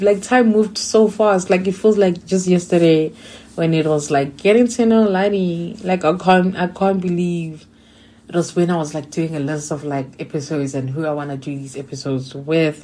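A young woman from South Africa hosting her own podcast, chatting casually and excitedly with many "like" fillers. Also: on the low side. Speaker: podcast host. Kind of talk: casual solo podcast monologue.

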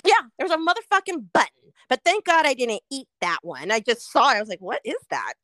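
A woman co-hosting a podcast, telling a fast food rant in casual chat, swearing freely and animated. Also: sits high, no room sound. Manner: swears a lot, animated ranting storyteller. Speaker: podcast co-host.

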